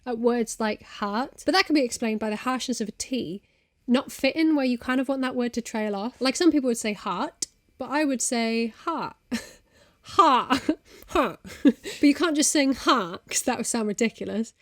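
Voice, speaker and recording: A woman's voice: on the high side, brisk, dry recording. Chatty British young woman, dry sound. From Britain. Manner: chatty, self-mocking, laughs often. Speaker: YouTube host. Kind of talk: casual explainer to camera.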